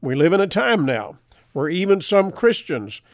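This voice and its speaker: An older man teaching the Bible in an earnest, emphatic way, quoting chapter and verse and slowing down to stress key words. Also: on the high side, big pitch swings, no echo, studio quality. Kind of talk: preaching a Bible lesson.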